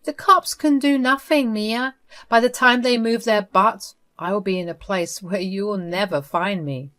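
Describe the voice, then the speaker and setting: A woman's voice: medium pitch, a little slow, fairly bright tone, close to an everyday voice. A woman voicing an unhinged, possessive sister-in-law who speaks in a defiant, dismissive way.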